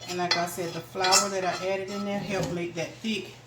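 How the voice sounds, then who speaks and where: A woman's voice: on the low side, level tone, moderate pace. A woman giving a casual home cooking demonstration, chatting homily to her viewers in her kitchen. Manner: homey, chatty, addresses viewers as "y'all". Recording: echoey kitchen with background noise.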